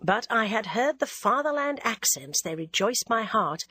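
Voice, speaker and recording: A woman narrating a classic novel as an audiobook reader, in a measured, even way. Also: on the high side, breathy edge, no echo.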